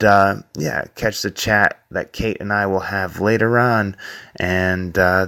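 A man's voice: on the low side, a bit bright. A man hosting a podcast, signing off in an easygoing way and plugging his social media. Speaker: podcast host. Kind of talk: podcast outro.

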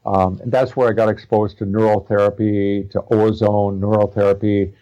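A man's voice: fairly low pitch, level tone, normal speed, highs cut off. A middle-aged man talking casually as an interview guest, rambling with many fillers and restarts. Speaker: guest, practitioner studying naturopathy.

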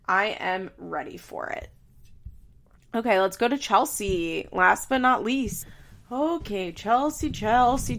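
A woman's voice: medium pitch, gravelly, fairly bright tone. A woman hosting a podcast, recapping in casual, chatty talk with profanity and sarcastic asides. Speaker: podcast host.

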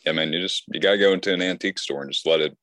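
Male co-host, deep low voice, dry close recording, wry. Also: very fast, a bit bright, dry recording. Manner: wry, laid-back, mock-serious. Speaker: podcast co-host. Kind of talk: casual movie discussion.

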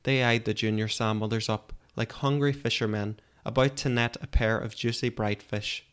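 A man narrating a fantasy story in a calm, measured audiobook style. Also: mid-range voice, clear, resonant tone.

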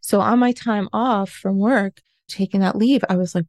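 Woman in her 40s, life coach, earnest confessional storytelling, warm low-key voice, dry close mic. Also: fairly even intonation, normal speed, hardly any pauses, dry recording. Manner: earnest, confessional, self-questioning. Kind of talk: candid interview storytelling.

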